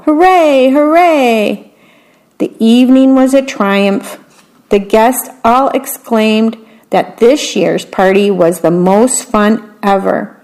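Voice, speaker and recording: Slow, gentle woman reading a picture book. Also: medium pitch, steady tone, poor audio. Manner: reads then describes the pictures in a chatty aside. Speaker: storybook reader.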